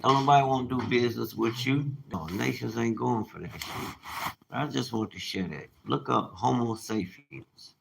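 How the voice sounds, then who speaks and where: An American man who calls himself a teacher delivers a casual, blunt rant to his viewers, preachy and full of profanity. His creaky voice sits at medium pitch and moves at a moderate pace, and the recording is noisy.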